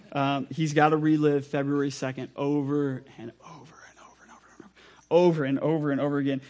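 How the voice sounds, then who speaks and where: Energetic young man preaching casually. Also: fairly high pitch. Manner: conversational and energetic, with asides. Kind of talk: sermon.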